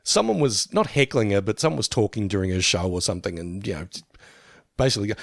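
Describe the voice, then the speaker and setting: A man's voice: fairly low pitch, expressive, quick pace, vocal fry, no echo, clean studio sound. A man in his fifties co-hosting a podcast in casual chat, who laughs often, swears and acts out quotes. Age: 50s. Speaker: podcast co-host.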